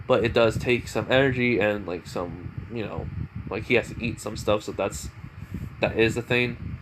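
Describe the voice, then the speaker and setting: A man's voice: lowish voice, normal speed, noisy background. A young man retelling his own fan story off the cuff, rambling with lots of fillers and self-corrections.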